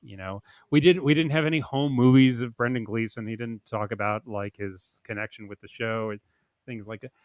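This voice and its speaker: A man co-hosting a comedy podcast, easygoing and gently teasing, often repeating himself. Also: lowish voice, steady tone, normal speed, dry recording, clean studio sound. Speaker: podcast co-host. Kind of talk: casual chat.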